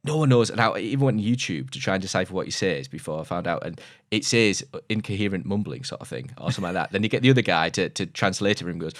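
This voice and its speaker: British male film-review co-host, deep voice, rattles along eagerly, keeps correcting himself, dry close sound. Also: expressive, very fast, few pauses, dry recording. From Britain. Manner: rambling and enthusiastic, often correcting himself. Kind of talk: casual film review chat.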